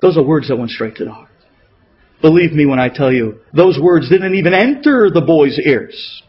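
A man, a rabbi, delivering a sermon as an emotional story, with a dramatic delivery that swings between loud peaks and hushed moments. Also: a little high, slightly rough. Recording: dull lo-fi radio recording.

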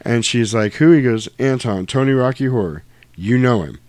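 A man's voice: medium pitch, lively intonation, moderate pace, darkish tone, no echo. A man in casual chat, retelling a film scene, acting out the dialogue and swearing freely.

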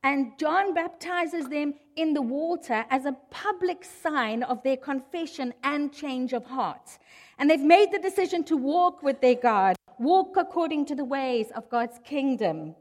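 A woman preaching a sermon, telling the story with lively asides. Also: high voice, unhurried, in a large hall.

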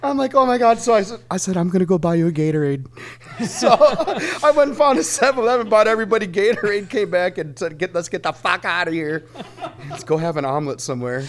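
A man's voice: high voice, fast talker. A man in a band, guesting on a podcast and telling a rowdy tour story with lots of swearing and laughter. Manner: animated, swearing, laughing through his story. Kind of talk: storytelling in casual chat.

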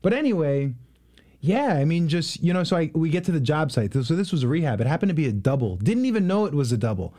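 A man in his twenties, a guest in a casual interview, telling stories in an animated way with many fillers. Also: a little high, fast talker. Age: 20s. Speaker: guest, real estate investor.

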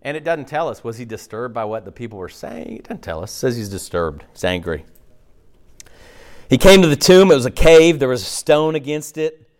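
Preaching at a fairly quick pace in a medium-pitched voice, this pastor keeps his sermon lively and conversational, performing the voices of those in the story.

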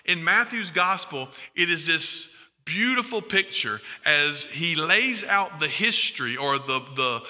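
A preacher delivering a sermon with a tense, forceful voice pitched a little high. He talks animatedly and throws questions at his listeners. The sound carries a long hall reverb. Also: measured pace. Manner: animated, asks the congregation questions.

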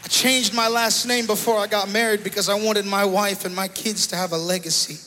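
A man's voice: high-pitched, steady tone, a little fast, long reverb tail, faint music behind. A male pastor preaching a sermon as a personal testimony, often repeating himself and rising in intensity. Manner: personal testimony, growing emotional and loud. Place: church sanctuary.

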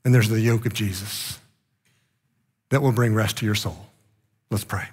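A man's voice: fairly low pitch, fairly even intonation, normal speed, slightly rough. Man preaching in an echoing church. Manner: impassioned preaching, rising loud then dropping soft. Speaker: pastor. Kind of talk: sermon.

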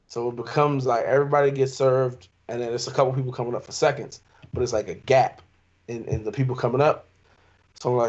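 A young man telling a long, animated story in casual chat with friends. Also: medium pitch, quick pace. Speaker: podcast co-host. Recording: dull lo-fi sound.

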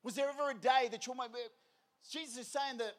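A man preaching an energetic, conversational sermon full of rhetorical questions. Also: extremely high pitch, a little fast. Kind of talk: evangelistic sermon.

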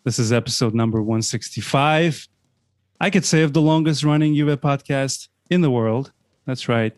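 A man's voice: mid-range voice, moderate pace, clean tone, dry recording, clean studio sound. A man hosting a sports podcast, talking in a casual, rambling way with many restarts. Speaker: podcast host. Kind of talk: casual chat.

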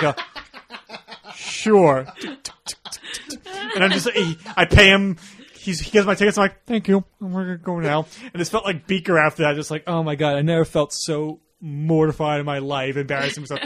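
Man, podcast host, slightly high voice, animated storyteller, does impressions. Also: quick pace, a little hiss or hum. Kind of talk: casual chat.

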